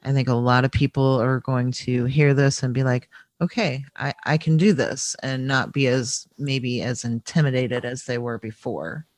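A man's voice: medium pitch, fairly even intonation, normal speed, few pauses, no room sound. A man hosting an interview, asking questions in a friendly way with hesitant fillers. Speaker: podcast host.

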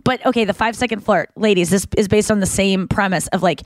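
A woman's voice: mid-range voice, a little fast, dry recording. Candid, crude-talking woman podcaster. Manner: candid, crude storytelling with acted-out quotes. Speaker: podcast co-host. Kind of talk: casual chat.

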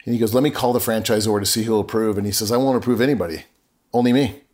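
A middle-aged man, guesting on a podcast, talks very fast in a lowish, slightly mellow voice. He tells a personal story earnestly, acting out remembered dialogue.

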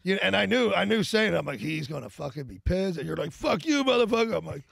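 A man's voice: on the high side, fast, gravelly, a bit bright, breathy edge, no room sound, studio quality. A man rambling through crude, swear-filled podcast banter and laughing often. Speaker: podcast guest.

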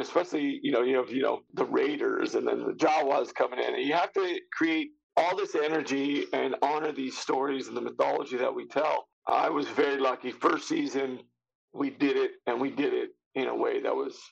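With highs cut off, the audio carries a mid-range, slightly rough voice with vocal fry. It belongs to an actor guest in his fifties who spins casual anecdotes, animatedly voicing other people's lines and cursing without restraint.

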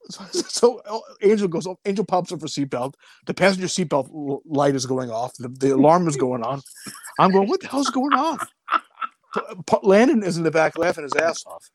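A man with a fairly high voice that swings widely, chatting casually on a podcast. He tells his story loosely and with a lot of cursing, and acts out the lines people said. The sound is dry and close. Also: animated, fairly quick, dry recording. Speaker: podcast co-host.

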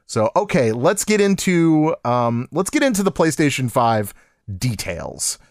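A man co-hosting a casual gaming podcast, laughing often and acting out quotes in a lively voice. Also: medium pitch, measured pace, dry recording, clean studio sound. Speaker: podcast co-host.

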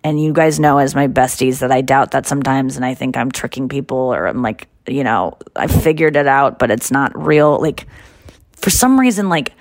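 A woman hosting a podcast, chatting casually and telling stories in an animated way, acting out what others said. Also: a bass voice, dry recording, studio quality. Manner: animated storytelling, quick impressions of others. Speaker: podcast host. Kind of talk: casual chat.

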